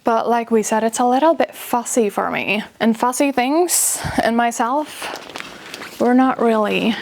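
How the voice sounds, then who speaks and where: A woman's voice: fairly high pitch, unhurried, creaky, a little hiss or hum. A woman vlogger chatting casually about her winter coats, gushing with stacked superlatives. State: a bit out of breath from carrying coats. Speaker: fashion vlogger. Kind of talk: casual chat to camera.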